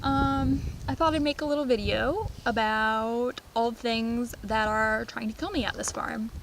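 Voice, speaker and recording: A young woman vlogging outdoors on a farm, casually telling funny stories with lots of laughs and excited squeals. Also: on the high side, measured pace, vocal fry, a little hiss or hum, rough recording. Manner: animated, laughing, squealing when retelling scares. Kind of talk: casual storytelling vlog.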